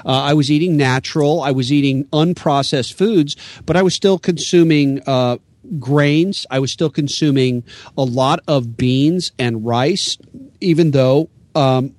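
A man's voice: medium pitch, measured pace, a little mellow, dry recording. Earnest American man, dry close sound. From United States. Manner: earnest, explanatory, with frequent fillers and restarts. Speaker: guest, author and radio host. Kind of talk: casual interview talk.

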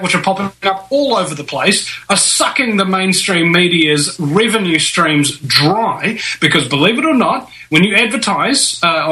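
A young man from New Zealand hosting a casual talk show, jokey and animated. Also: low-quality recording. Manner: animated, jokey, swings between high and low voices. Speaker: host.

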